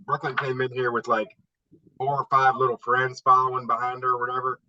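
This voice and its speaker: Sharp-voiced man telling stories. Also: medium pitch, flat delivery, fairly quick. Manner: loose, profane, laughing storyteller. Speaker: woodturner in a club chat. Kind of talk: casual storytelling chat. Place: home garage. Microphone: video call. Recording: dull lo-fi video call audio.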